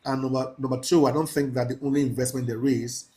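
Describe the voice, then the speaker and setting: A man teaching a mentorship class, talking in a preachy, emphatic way, slowing down to stress key phrases and laughing with his students. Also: medium pitch, level tone, dark tone. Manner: laughs often, casual asides to the class. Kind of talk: live class lecture.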